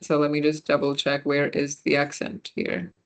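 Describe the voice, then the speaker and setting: Speaking in a low, monotone voice at normal speed, a woman leads a relaxed online French class for beginners as a volunteer teacher. She responds to students' chat messages, talks with them and fixes her own mistakes as she goes.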